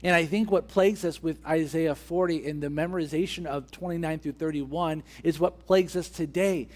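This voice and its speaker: A man's voice: a little high, fairly even intonation, moderate pace, hardly any pauses. Man preaching with repeated rhetorical questions. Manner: repetitive rhetorical questions, building emphasis. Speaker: pastor. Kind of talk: sermon.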